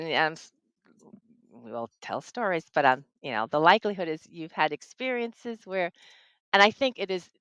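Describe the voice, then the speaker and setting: A woman's voice: lowish voice, fairly bright tone, smooth, no room sound, muffled recording. A middle-aged woman from New Jersey, a tarot reader, telling a personal ghost story in casual conversation.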